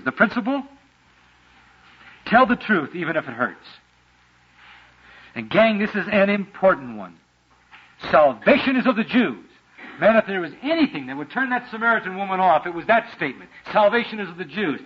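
A man preaching a sermon with a lively, dramatic delivery, sometimes acting out the voices of the people he quotes, on a muffled lo-fi recording. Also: high voice, normal speed, pauses often, breathy edge.

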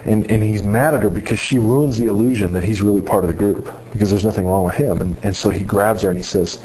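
A man's voice: fairly low pitch, steady tone, fast, warm tone, slight background noise, poor audio. A man giving an earnest sermon-style talk to students, retelling a story with many restarts. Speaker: speaker addressing students on faith.

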